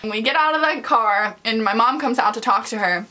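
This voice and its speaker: Chatty young woman with a bright voice. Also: a little high, a little fast. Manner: chatty, profane, filler-heavy. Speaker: vlogger. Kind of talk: casual storytime.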